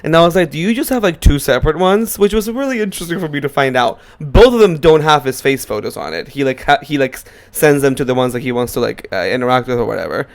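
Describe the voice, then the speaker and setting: A young man co-hosting a podcast, chatting casually with quick, teasing jokes. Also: medium pitch, animated, gravelly. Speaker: podcast co-host. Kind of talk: casual chat.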